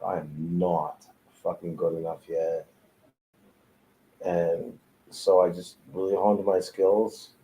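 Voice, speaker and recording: A man's voice: sits low, flat delivery, slow pace, pauses often, warm tone, a little hiss or hum, low-quality recording. A man who is a tattoo artist, telling his story in a casual, profane, laid-back way with frequent laughs, recorded in a tattoo studio.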